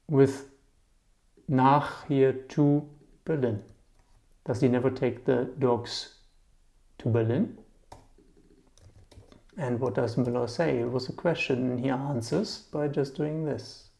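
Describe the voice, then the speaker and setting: A creaky, medium-pitched male voice leads a laid-back German vocabulary lesson. He uses memory tricks to explain each word, regularly checking in with a quick "yeah?"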